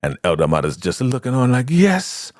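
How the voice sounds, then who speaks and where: Animated man recapping a TV episode. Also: sits low, normal speed, dry recording, clean studio sound. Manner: animated retelling that acts out the scenes. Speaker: TV recap vlogger. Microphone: studio podcast microphone.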